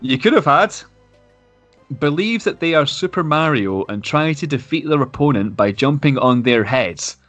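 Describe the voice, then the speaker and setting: Male podcast co-host, relaxed game-host patter, dry close sound. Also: a little high, moderate pace, dry recording, soft background music. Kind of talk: casual podcast chat.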